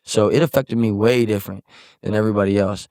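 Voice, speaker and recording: A young man from Missouri with a fairly low voice talks as a podcast guest, loose and rambling, full of "like" and "bro" and casual swearing. His tone is subdued and heavy. The sound is dry and close, with no room around it. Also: steady tone, fast talker, darkish tone, no echo. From Missouri, USA. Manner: subdued and heavy when recounting loss. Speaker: podcast guest, songwriter and musician. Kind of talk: casual conversation.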